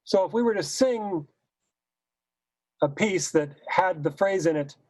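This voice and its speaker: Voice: mid-range voice, lively intonation, a little slow, a little mellow, dry recording, low-quality recording. A choral conductor leading a recorded teaching seminar. They explain patiently, point by point, and say example words both the wrong way and the right way. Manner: explains patiently, stepping through points one by one. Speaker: choral conductor and clinic leader.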